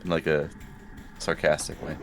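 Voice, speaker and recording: A man with a very deep voice chats as a player in a tabletop game. He laughs often and talks loosely. Faint music runs behind him. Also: monotone, moderate pace.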